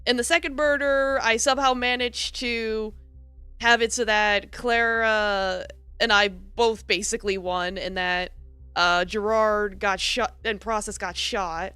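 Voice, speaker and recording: A woman's voice: mid-range voice, fairly even intonation, unhurried, sharp tone, clear, resonant tone, no room sound, soft background music. A young American woman streaming a story game, chatting casually, giggly and self-mocking. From United States. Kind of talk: casual gameplay commentary.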